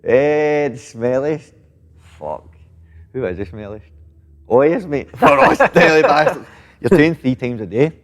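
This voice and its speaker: A man's voice: mid-range voice, big pitch swings, a little slow, pauses often. A Scottish man in his thirties, a boxer chatting casually in an interview, swearing freely and tagging lines with "mate". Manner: swears freely, fills with "mate" and "know what I mean". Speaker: professional boxer, guest. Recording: long reverb.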